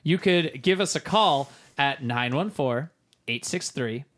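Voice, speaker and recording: A man's voice: mid-range voice, expressive, measured pace, a bit bright. A man co-hosting a podcast in casual chat, joking and laughing often. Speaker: podcast co-host.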